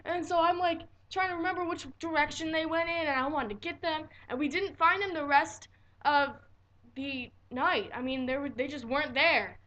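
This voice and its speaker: A teenage girl telling a story in a casual vlog, animated and dramatic and swearing freely. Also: sits high, moderate pace, lo-fi sound, slight background noise. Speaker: vlogger.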